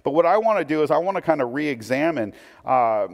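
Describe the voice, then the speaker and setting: A man's voice: a little high, lively intonation, fairly quick. Man preaching in a reverberant hall. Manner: reads scripture aloud and comments conversationally. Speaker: pastor. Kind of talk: sermon.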